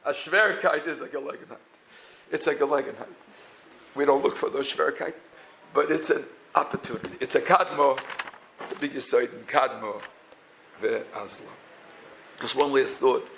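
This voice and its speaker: Gravelly rabbi with a lilt. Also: male voice, medium pitch, steady tone, normal speed, long pauses, fairly bright tone, a little hiss or hum, poor audio. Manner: mixes Yiddish and Hebrew terms into English, chanting phrases with a tune. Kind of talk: Torah talk.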